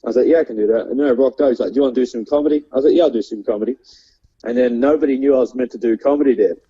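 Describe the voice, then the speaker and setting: Racing through his words, a young Australian comic with a mid-range, slightly rough voice spins meandering tales loaded with fillers and laughs. It's laid-back storytelling talk, and the audio is dull and lo-fi.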